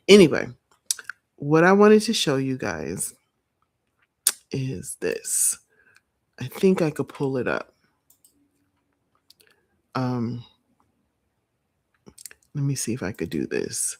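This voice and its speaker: A woman vlogging late at night, chatting casually and rambling to her viewers, sounding tired and breaking into excited squeals. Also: rumbling low, takes it slowly, long pauses, no echo, studio quality.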